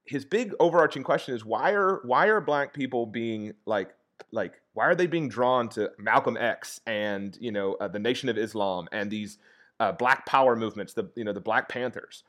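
A man's voice: medium pitch, moderate pace. Man retelling a story casually. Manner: animated retelling with frequent "like" and "okay?" check-ins.

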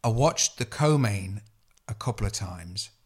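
A man co-hosting a podcast, telling stories in a jokey, animated way, swearing and mimicking other people. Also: lowish voice, a little slow, husky. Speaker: podcast co-host. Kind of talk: casual podcast chat.

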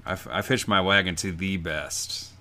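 Bright-voiced man telling comic stories. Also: deep voice, unhurried. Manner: animated comic storytelling, rambling. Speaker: podcast co-host. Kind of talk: casual comedic chat.

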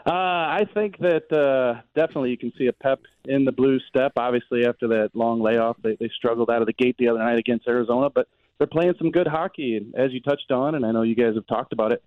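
A man's voice: mid-range voice, fast talker, no echo. A man calling into a radio sports show as a reporter guest, tired and joking in a rambling, self-deprecating way. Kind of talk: casual radio chat. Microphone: phone line. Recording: tinny dry phone line.

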